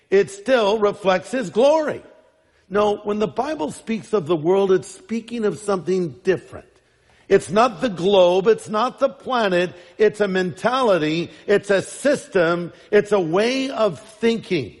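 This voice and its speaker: A man's voice: high-pitched, animated, a little slow. A man preaching a sermon as pastor, emphatic and fond of rhetorical questions. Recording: long reverb in large hall.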